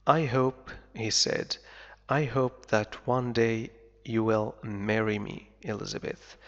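A man who speaks Arabic natively, reading a story aloud in English slowly and translating it into Arabic as a language lesson. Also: mid-range voice, gravelly, fairly bright tone. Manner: reads English slowly, explains quickly in Arabic. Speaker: English teacher. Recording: dull, lo-fi audio in a reverberant room.

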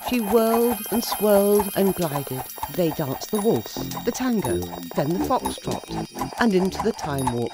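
A woman, a children's author, narrating a bedtime story in a playful, animated manner. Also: lowish voice. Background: soft music.

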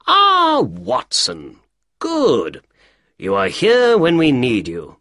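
A man voicing a clever male detective with a crisp, brisk and upbeat manner. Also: medium pitch, huge pitch swings, dry recording, studio quality, heavily acted.

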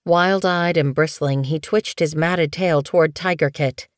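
A woman narrating an audiobook in a calm, even storytelling manner. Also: deep voice, measured pace, clear, resonant tone, no echo, studio quality. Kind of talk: scripted narration.

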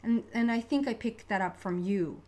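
This is a young woman talking her way through a tarot reading in a loose, chatty monologue. She gets excited easily, laughs along the way and trips over her words as her thoughts race ahead. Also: fairly high pitch, normal speed. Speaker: tarot card reader.

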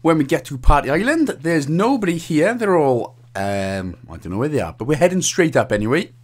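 This Welsh man talks with a lively, bouncing pitch, wandering up and down as he narrates his walkthrough. He is cheeky and chatty, and he jokes and chuckles through the commentary. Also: fairly quick. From Wales. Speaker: game walkthrough host. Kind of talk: casual gameplay commentary.

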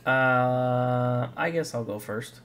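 A man's voice: medium pitch, slow, fairly bright tone, faint music behind. A man co-hosting a podcast in casual chat, mostly giving short agreeing replies and echoing his partner's lines. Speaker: podcast co-host.

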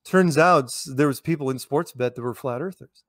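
A man's voice: medium pitch, normal speed, dry recording. Rambling American man, dry close sound. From United States. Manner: rambling, many restarts and repeated words. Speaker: interviewee. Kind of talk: casual conversational storytelling.

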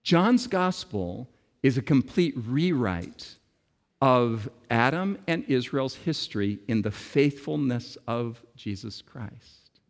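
Emphatic preacher in a reverberant hall. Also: male voice, medium pitch, lively intonation. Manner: emphatic preaching with dramatic pauses and repetition. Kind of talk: sermon. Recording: long reverb of a large hall.

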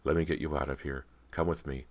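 A man voicing a calm teenage girl's ghost in a soft, hushed tone, his own very deep voice barely changed. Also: quick pace.

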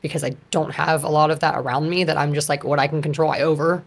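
A low-pitched woman in her thirties chats as a podcast guest, animated and full of fillers. Her voice sits deep for a woman, and she runs her thoughts together as she talks. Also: fast, creaky. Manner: chatty and animated, many fillers. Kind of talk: casual conversation.

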